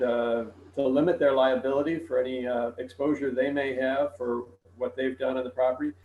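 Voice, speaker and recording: A man giving a frank, measured report to a village board over an online meeting. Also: medium pitch, mellow, roomy sound, slight background noise, low-quality recording.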